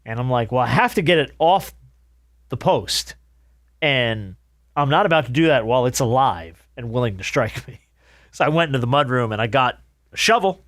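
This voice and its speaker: A man hosting a podcast, telling a story in a relaxed, wry way with dry humor. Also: medium pitch, normal speed, no room sound. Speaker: podcast host. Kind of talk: casual chat.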